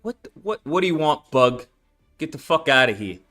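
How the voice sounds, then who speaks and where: A man's voice: fairly high pitch, big pitch swings, moderate pace, bright, forceful tone, faint music behind, pitched below the performer's own voice. A man voicing a rude male New York street heckler who curses and brushes people off. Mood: hostile. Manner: brash, cursing.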